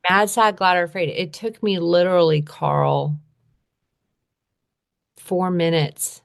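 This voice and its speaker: Woman from the US, low voice, earnest conversational storyteller on a podcast. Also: steady tone, slow, vocal fry. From United States. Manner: earnest, repeats phrases, frequent "right?". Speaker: guest advocate on trauma and poverty.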